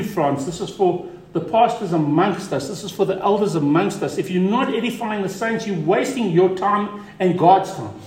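A male pastor delivers a sermon in a high, ringing voice. He leans hard on repeated key words, then drops suddenly quiet to press a point home. The room around him is echoey. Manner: emphatic preaching, drops to quiet for stress.

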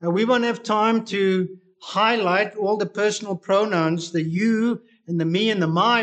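A man preaching a sermon, reading scripture and explaining it with slow, deliberate emphasis. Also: high voice, steady tone, a bit bright.

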